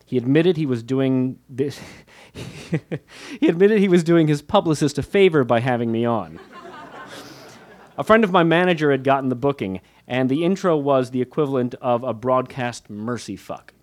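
A man's voice: mid-range voice, animated, normal speed, a little mellow. A man reading his own memoir aloud, with wry, candid, self-mocking humor and light laughs between phrases. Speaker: author narrating his memoir. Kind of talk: audiobook memoir narration.

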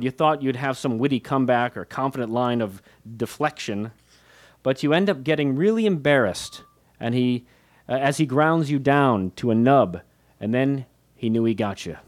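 A man reading his own memoir aloud, with wry, candid, self-mocking humor and light laughs between phrases. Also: medium pitch. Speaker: author narrating his memoir. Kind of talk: audiobook memoir narration.

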